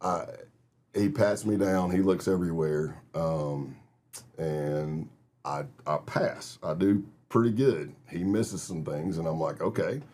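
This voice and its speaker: Middle-aged man, deep voice, husky, vivid interview storyteller. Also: slow, warm tone. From Texas. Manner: vivid storyteller who acts out other people's lines. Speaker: guest, retired FBI agent.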